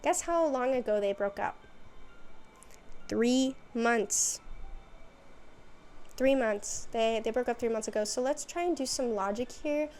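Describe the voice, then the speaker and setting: A woman recapping a story series in a casual, chatty monologue, with sarcastic asides and quick quoted lines. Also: a little high, a little mellow, soft background music. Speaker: video essay host.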